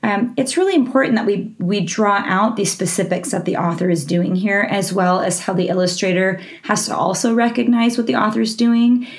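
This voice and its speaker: A woman's voice: mid-range voice, normal speed, hardly any pauses. Woman explaining a classroom lesson. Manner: friendly, explanatory, many ums and restarts. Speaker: literacy teaching podcast host. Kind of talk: instructional podcast talk.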